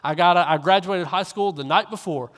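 A young male minister delivers a sermon from a stage, his voice sitting a little high for a man. He tells stories earnestly, doubling back and repeating phrases as he builds. The sound carries a long reverb from a large hall. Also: brisk, a bit bright.

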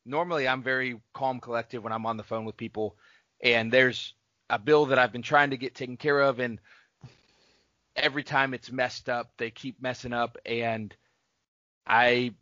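A man's voice: medium pitch, steady tone, moderate pace, sharp tone, dry recording. A man co-hosting a casual faith-based podcast, talking earnestly and encouragingly to his listeners. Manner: earnest, encouraging, sign-off announcements. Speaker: podcast co-host. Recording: dull lo-fi podcast mic.

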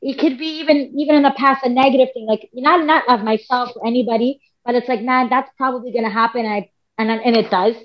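A woman's voice: on the high side, fairly even intonation, fast. A woman, a podcast guest telling a long story in casual chat, rambling with many fillers and quoted self-talk. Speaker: podcast guest, MMA fighter and coach. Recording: dull lo-fi podcast audio.

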